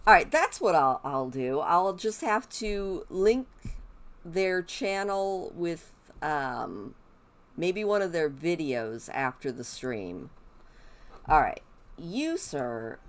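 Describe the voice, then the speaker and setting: Woman gaming streamer, lower voice, slow easy delivery, bouncy intonation, talks to her game characters. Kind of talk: live gameplay commentary.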